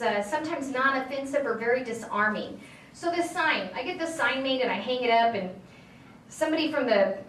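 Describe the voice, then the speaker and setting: Tired woman telling a lively story in a hall. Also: fairly high pitch, slight background noise. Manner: animated storyteller acting out dialogue. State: tired from lack of sleep. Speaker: state assembly member speaking to a political group. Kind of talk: casual storytelling speech. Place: meeting hall with an audience. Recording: echoey room, speaker far from the mic.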